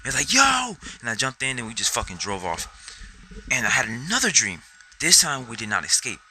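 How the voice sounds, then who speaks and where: A man's voice: mid-range voice, big pitch swings, brisk, bright, forceful tone, slight background noise, rough recording. A young man telling a rambling personal story to camera, swearing constantly and acting out his own reactions. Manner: rambling, heavy swearing, acts out quotes. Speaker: vlogger.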